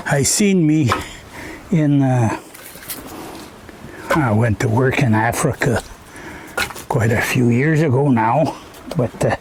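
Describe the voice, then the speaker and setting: A Canadian vlogger talks casually in his woodshed while stacking firewood, his medium-pitched voice slow and full of pauses over a noisy background. He rambles in a folksy way and ends his phrases with "eh?"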